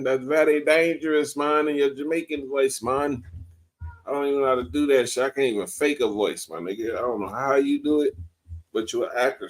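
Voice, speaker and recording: A man hosting a casual live-streamed talk show, ranting bluntly and mockingly with plenty of profanity. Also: mid-range voice. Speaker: host. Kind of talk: casual podcast commentary. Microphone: video call or stream mic.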